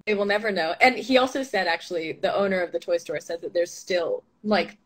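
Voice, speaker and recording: A woman's voice: lowish voice, a little fast. A young woman telling stories as a guest in a casual interview, chatty and full of fillers, laughing often. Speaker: actress being interviewed.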